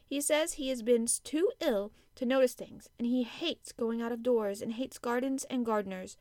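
A woman's voice: fairly high pitch, normal speed, darkish tone, dry recording, clean studio sound, voice pushed up, lightly acted. A woman reading an audiobook, voicing an eager, earnest young girl with a raised voice.

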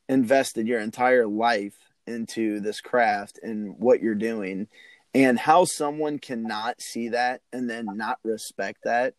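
A man's voice: mid-range voice, a little mellow, dry recording. A man hosting a podcast, talking in an earnest, rambling, motivational way. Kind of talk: casual chat.

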